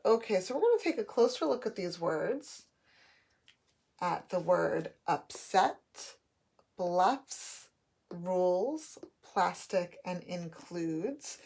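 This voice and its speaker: A woman teaching a phonics lesson to young students, sounding out letters and words slowly and clearly as she writes on a board. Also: mid-range voice.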